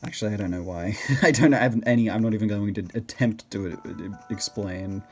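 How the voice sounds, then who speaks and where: A man's voice: fairly low pitch, normal speed, faint music behind. Rambling Australian man gaming. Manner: rambling and self-correcting, with laughs. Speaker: gaming video host. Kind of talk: casual gameplay commentary.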